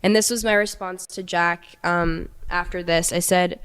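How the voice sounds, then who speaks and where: Brief: young woman, measured and hurt, low smooth voice recounting a breakup. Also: fairly even intonation, a bit bright. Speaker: interviewee telling her story. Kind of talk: personal account and reading texts aloud.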